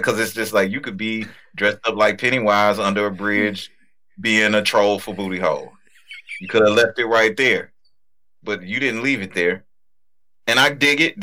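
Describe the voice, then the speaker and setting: Male podcast co-host, forceful bright voice, rambling and crude, big on shout-outs. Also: fairly low pitch. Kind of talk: casual podcast chat.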